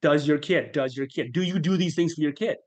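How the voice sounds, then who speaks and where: A man's voice: fairly high pitch, a little mellow, natural voice. A man voicing his own sarcastic, mocking inner voice that fires needling questions at him. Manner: needling, rapid-fire interrogating questions. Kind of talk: acted quote in a podcast interview.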